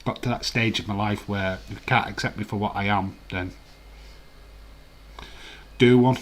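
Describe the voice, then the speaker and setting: A man's voice: lowish voice, steady tone, brisk, fairly bright tone, a little hiss or hum. A man in his forties hosts a live watch-along stream. He chats casually, reads viewer comments aloud and rambles with filler words.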